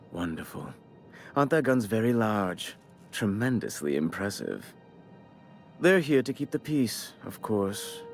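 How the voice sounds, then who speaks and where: An actor voicing a fussy, condescending male corporate bureaucrat in a video game, with a prim, theatrical delivery. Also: fairly low pitch. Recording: soft game music behind.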